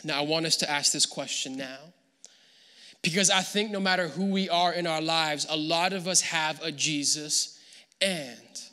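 A man preaching a sermon as pastor, animated and acting out the people he quotes. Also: a little high, moderate pace, clean tone, big-room sound. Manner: animated, acts out quoted voices. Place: church hall.

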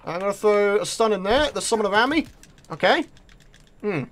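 A British man talks his viewers through a match as he plays, excitable and quick to taunt his opponents. His voice sits high and swings widely in pitch. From Britain. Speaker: gaming video creator. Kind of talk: live gameplay commentary.

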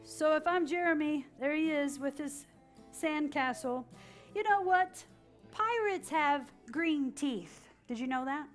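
A woman, a children's librarian, reading a picture book aloud to children in an animated way and leading them in call-and-response. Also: high-pitched, slow pace, faint music behind. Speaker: children's librarian hosting story time.

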